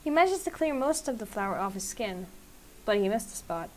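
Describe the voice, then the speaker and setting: A woman's voice: mid-range voice, big pitch swings, normal speed, darkish tone, slight background noise. A woman streamer reading a dating game aloud in a casual, chatty way. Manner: casual, chatty narration with laughs and asides.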